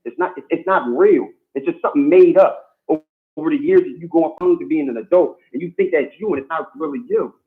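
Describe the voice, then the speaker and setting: A man's voice: a little high, brisk. A man calling in to a casual chat, talking in street slang and stammering over his restarts. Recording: tinny phone line.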